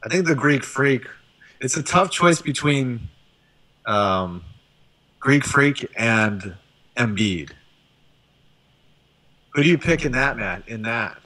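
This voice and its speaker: A man hosting a casual sports chat, talking in an animated, profane way and often tossing in "right?". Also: mid-range voice, takes it slowly, pauses often, rough recording. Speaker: show host.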